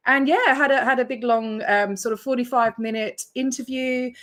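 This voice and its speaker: A woman's voice: fairly high pitch, steady tone, normal speed, fairly bright tone. An Australian woman hosting her own livestream, chatting casually and rambling as she greets her viewers by name. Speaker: YouTube channel host.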